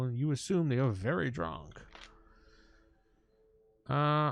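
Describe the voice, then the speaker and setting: A man's voice: mid-range voice, expressive, a little slow, dry recording. A man hosting a let's play, reading the game text aloud with playful, jokey asides. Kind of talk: casual gameplay commentary reading the text aloud.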